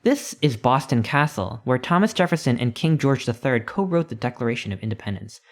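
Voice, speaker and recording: A man's voice: mid-range voice, expressive, a little fast, natural voice. A man voicing a pompous old tour guide in colonial dress, read from a text adventure. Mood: proud lecturing. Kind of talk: reading a text adventure aloud.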